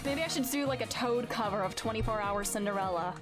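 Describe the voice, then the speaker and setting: Giggly young woman streamer, high voice. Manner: excitable, giggly, quick asides. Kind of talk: let's-play commentary. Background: loud game music.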